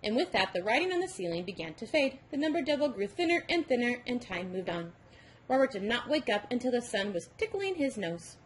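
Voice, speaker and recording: A woman narrating a storybook aloud in an expressive, storytelling way. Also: fairly high pitch, fairly quick, slight background noise. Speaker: audiobook narrator.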